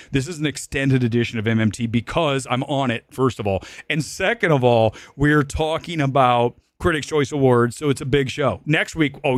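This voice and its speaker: A man hosting a live-stream movie show, ranting animatedly with swearing and sudden loud, high-pitched outbursts. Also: no room sound. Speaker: film critic and show host.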